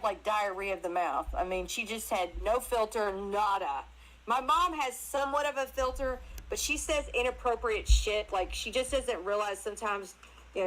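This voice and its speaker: A woman guest telling casual stories in an animated way, laughing often and acting out other people's voices. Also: medium pitch, poor audio. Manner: animated, laughs often, acts out her mother's voice. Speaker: interview guest. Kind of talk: casual storytelling chat.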